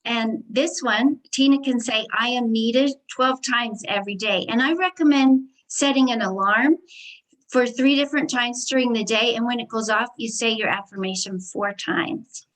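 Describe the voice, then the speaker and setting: A woman's voice: a little high, moderate pace, a bit bright, poor audio. A woman who works as a healer, explaining an affirmation practice in an interview in an earnest, instructive way. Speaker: healer and hypnotist vendor.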